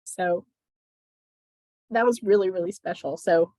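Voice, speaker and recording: A woman on a video call at an open mic, telling a personal story with many pauses, then reading her spoken-word poem. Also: lowish voice, warm tone, no echo. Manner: halting with fillers, gets emotional.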